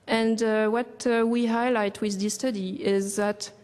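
Woman, conference presenter, higher voice, slow and halting, reverberant hall. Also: little pitch movement, darkish tone, smooth. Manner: hesitant, many fillers and restarts. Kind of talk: scientific conference talk. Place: large conference room.

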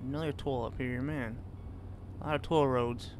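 A man's voice: mid-range voice, fairly even intonation, moderate pace, darkish tone, a little hiss or hum. Laid-back man streaming a truck game. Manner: laid-back, reads chat aloud and answers viewers. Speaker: gaming streamer. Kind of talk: casual live-stream chat while driving.

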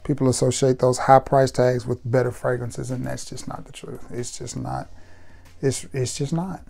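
A man reviewing fragrances in a casual, rambling talk to camera, repeating himself and signing off warmly. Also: medium pitch, moderate pace, gravelly. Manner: relaxed, rambling and repetitive, with warm sign-offs.

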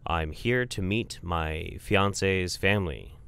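Guy playing a jumpy newcomer, quiet n halting, low smooth voice. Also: heavily acted. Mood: nervous. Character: nervous newcomer man, wary and hesitant.

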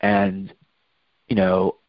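A man's voice: sits low, monotone, drawn-out words, no echo. A man as a podcast guest, telling a personal story in a rambling way and often correcting himself. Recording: slightly dull, dry recording.

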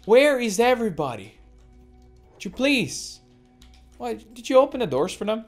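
A woman's voice: on the high side, big pitch swings, normal speed, pauses often, faint music behind. A woman giving let's play commentary as a gameplay streamer, swearing constantly and ranting at the game.

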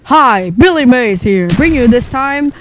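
A young man putting on the voice of a male TV pitchman, loud and salesy, without much change from his own voice. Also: lively intonation, a little slow, slight background noise. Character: male pitchman doing a cheery TV ad.

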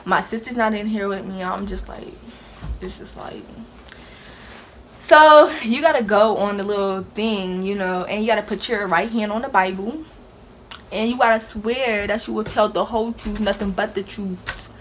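A young woman tells a story to her viewers, sassy and animated, speaking with plenty of attitude. Her voice sits at an ordinary middle pitch, with a faint hiss in the background. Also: moderate pace. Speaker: vlogger. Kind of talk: casual storytime.

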